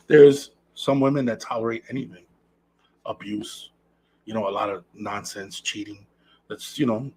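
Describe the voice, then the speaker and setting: A man's voice: on the low side, a little mellow, a little hiss or hum, rough recording. A man hosting a podcast, talking earnestly in a casual monologue and repeating phrases for emphasis. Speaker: podcast host.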